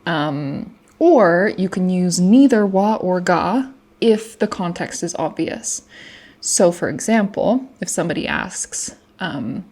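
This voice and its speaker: Chatty young woman, lowish voice. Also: expressive, slow pace, a little mellow. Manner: chatty with many fillers and restarts. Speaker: language learner explaining grammar. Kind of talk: casual study vlog explanation.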